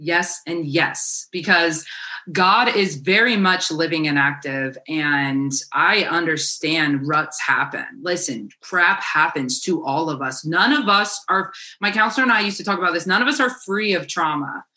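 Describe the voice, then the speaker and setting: A woman's voice: low-pitched, unhurried, pushed and bright. A woman speaking as a guest life coach in a casual podcast chat, emphatic and encouraging, blunt and unafraid to swear.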